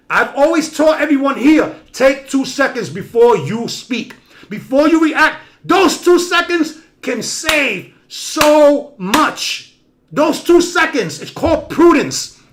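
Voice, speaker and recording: On his live-streamed talk show, the host gives a lively motivational speech, shifting from forceful, loud outbursts to hushed side remarks.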